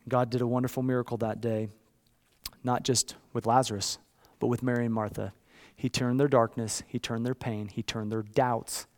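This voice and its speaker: A man in his thirties preaching a sermon, with a storytelling delivery that swings from hushed to loud. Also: medium pitch. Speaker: pastor.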